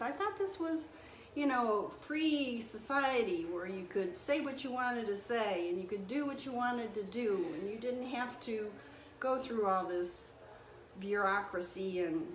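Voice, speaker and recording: Impassioned older woman in an echoey room. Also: on the high side. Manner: earnest, emotional, rising to indignant outbursts. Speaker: registered nurse. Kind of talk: impassioned monologue to camera. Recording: echoey room with faint background hum.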